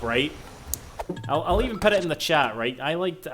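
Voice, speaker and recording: A man's voice: a little high, lively intonation, fairly quick, a bit bright, a little hiss or hum. A man with a Scottish accent, rambling playfully and swearing as he streams a game. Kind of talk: casual gaming commentary.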